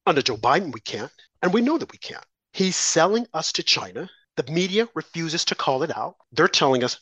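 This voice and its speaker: Male talk host, higher-pitched, fervent political monologue, dry close mic. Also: very animated, a little fast, fairly bright tone, slightly rough, dry recording. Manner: impassioned, rhetorical questions, mocking quoted voices.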